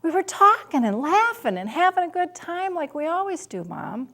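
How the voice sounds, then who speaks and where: A woman voicing her upset nineteen-year-old daughter, speaking high, strained and pleading. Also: very animated, normal speed, bright, forceful tone, full character voice. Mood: explaining.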